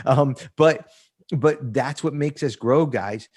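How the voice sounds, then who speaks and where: A man's voice: mid-range voice, takes it slowly, a little mellow, breathy edge. Blunt, profane man in his fifties. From New Jersey. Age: 50s. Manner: blunt and profane, with frequent laughs. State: emotional. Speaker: podcast guest. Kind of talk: casual recovery interview.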